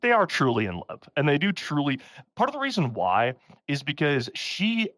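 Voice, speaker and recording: On a casual podcast, a man with a slightly high voice talks at normal speed in a dry recording. Laughing frequently, he retells a story with animation and raises his voice to act out the quotes.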